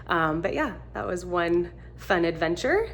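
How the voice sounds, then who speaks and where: A woman casually telling a funny travel story, animated and laughing as she acts out what people said. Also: lowish voice, unhurried. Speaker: vlogger.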